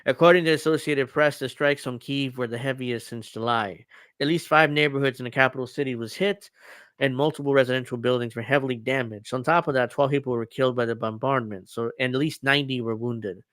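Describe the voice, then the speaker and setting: A man's voice: medium pitch, fairly even intonation, a little fast, fairly bright tone, no echo. A man hosting a casual political commentary show, reading news articles aloud and riffing on them sarcastically. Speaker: podcast host.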